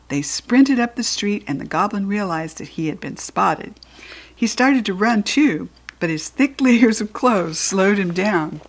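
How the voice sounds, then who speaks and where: An American woman reading a children's storybook aloud, lively and expressive. Her voice sits at a plain middle pitch. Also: a little slow. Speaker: children's book reader.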